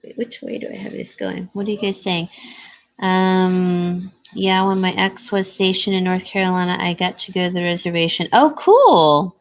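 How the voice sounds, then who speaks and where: A woman hosting a live jewelry sale, chatting casually and answering viewer comments. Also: moderate pace. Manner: coos in a high baby voice to her dog. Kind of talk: casual live-stream sales chat.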